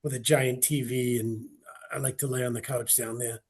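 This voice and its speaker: A man speaking calmly and matter-of-factly as a guest in a casual chat. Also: medium pitch, normal speed, slightly rough.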